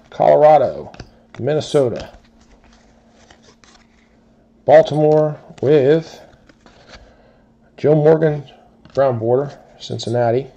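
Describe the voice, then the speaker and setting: Reading each team and player aloud in an even, listing way, a man hosts a box break with steady rapid-fire calls, yet he takes his time. His voice is low and dark with a gravelly edge, though the pitch sits in the middle.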